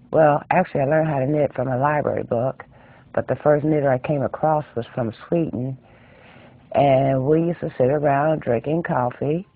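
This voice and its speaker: A man's voice: mid-range voice, dry recording. A middle-aged man hosting a casual knitting tutorial, chatty and rambling, often repeating phrases, in a tinny, dry recording. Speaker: knitting channel host.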